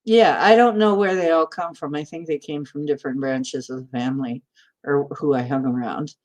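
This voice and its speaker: Low-voiced Midwestern woman livestreamer. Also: fairly even intonation, normal speed. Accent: flat Midwestern American, announcer style. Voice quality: radio-trained announcer delivery. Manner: chatty and warm toward viewers, laughs often. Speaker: host of a spiritual livestream. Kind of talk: casual livestream chat reading viewer comments.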